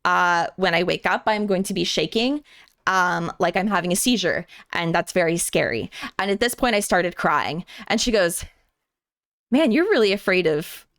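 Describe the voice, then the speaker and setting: A woman's voice: on the low side, normal speed, no room sound, clean studio sound. Chatty woman streamer telling a story. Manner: animated, restarts and repeats words, acts out quotes.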